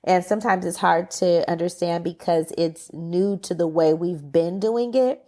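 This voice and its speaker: A woman's voice: lowish voice, measured pace, dark tone. A woman hosting an interview podcast, asking long, meandering questions that stop and restart. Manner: rambling questions full of fillers and restarts. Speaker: podcast host. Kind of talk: conversational interview.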